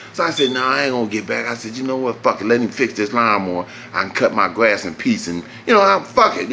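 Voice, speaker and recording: Animated man telling a rant. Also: a little hiss or hum. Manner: animated, profane, swings up high when exasperated. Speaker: vlogger. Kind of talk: casual storytelling.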